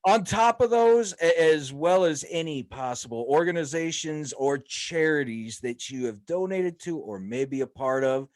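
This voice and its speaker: A man's voice: a little high, lively intonation, normal speed, few pauses, darkish tone. A man hosting a podcast, laid-back and joking, with a casual profane way of talking. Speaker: podcast host.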